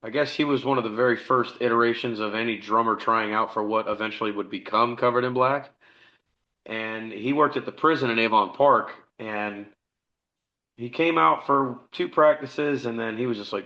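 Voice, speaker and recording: Profane rambling storyteller, bright voice. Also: male voice, medium pitch, normal speed, lo-fi sound. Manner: rambling, profane, acts out dialogue. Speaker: podcast guest, musician. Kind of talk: casual storytelling interview.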